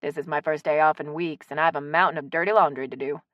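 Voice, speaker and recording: A woman voicing a brisk, friendly, practical neighbor woman. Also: low-pitched, steady tone, no echo, muffled recording, close to an everyday voice.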